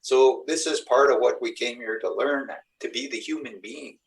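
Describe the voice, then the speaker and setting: A man's voice: mid-range voice, fairly even intonation, moderate pace, recorded from a distance, low-quality recording. Earnest rambling male spiritual teacher. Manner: rambling, earnest storytelling with acted-out quotes. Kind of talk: live group teaching talk.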